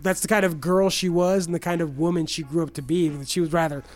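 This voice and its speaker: A man's voice: a little high, fairly even intonation, a little fast. Rambling, cussing storyteller man. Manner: rambling, profane storytelling with many restarts. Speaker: podcast guest telling stories. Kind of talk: casual chat.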